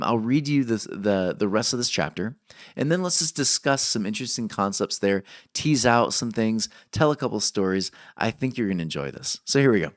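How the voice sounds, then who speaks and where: A man's voice: lowish voice, dry recording, clean studio sound. A man preaching a sermon, reading scripture aloud expressively and stopping to comment on it. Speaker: pastor.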